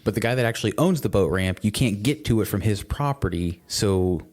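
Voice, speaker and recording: Deep-voiced guy rambling on a podcast, lots of restarts and cussing. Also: lively intonation, fairly quick, darkish tone. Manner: rambling, many restarts and swearing. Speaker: podcast co-host. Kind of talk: casual chat.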